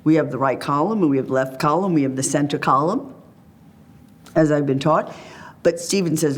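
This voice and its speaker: A woman guest shares reflective personal stories in a free-flowing manner, acting out remembered conversations through quoted dialogue. Her voice is low and a little fast, broken by long pauses.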